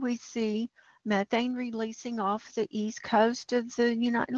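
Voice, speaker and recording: A woman hosts a livestream, talking slowly and with rising alarm as she points out data on a map. The sound is dry and a little dull, with no room around it. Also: a little high, level tone, darkish tone, dry recording. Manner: alarmed, ranting, talks over a map. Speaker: livestream host. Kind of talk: livestream commentary on data maps.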